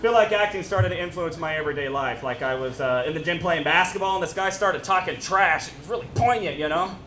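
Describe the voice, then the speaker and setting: A man in his fifties doing a stand-up set at a fundraiser, animated and self-mocking as he teases the audience. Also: fairly high pitch, brisk. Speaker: stand-up comedian. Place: stage at a fundraiser event. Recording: echoey room with crowd noise. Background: audience laughter.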